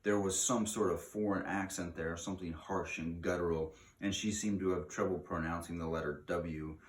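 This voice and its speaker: A man reading a children's book aloud in an expressive way, slowing down for dramatic emphasis. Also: low voice, a little hiss or hum. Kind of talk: read-aloud storytelling. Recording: echoey room.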